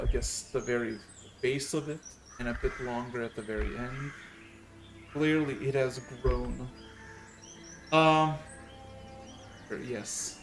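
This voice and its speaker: A man narrating a tabletop game as game master, halting often with filler sounds. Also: medium pitch. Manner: hesitant, many filler sounds.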